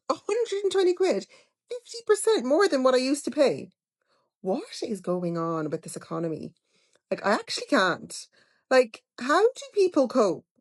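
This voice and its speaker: A woman talks straight to camera in an exasperated rant. Her voice sits at a middle pitch, and her tone turns pushy and salesy as she urges her viewers on. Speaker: online business influencer.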